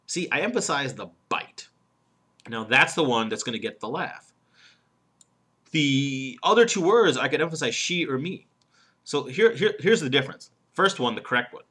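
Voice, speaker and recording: A man teaches a video lesson on being funny as a speaker. His voice is bright and forward, pitched in the middle for a man, and he walks through each point step by step with plenty of emphasis. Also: big pitch swings, brisk, husky. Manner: emphatic, demonstrative, explains step by step. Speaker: humor speaker and coach.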